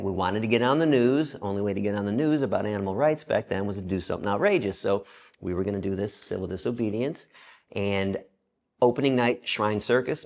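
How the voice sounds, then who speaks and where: A man's voice: lowish voice, vocal fry. A man being interviewed, telling a story and acting out the voices of the people in it. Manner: animated storyteller, acts out quoted voices. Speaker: interview guest.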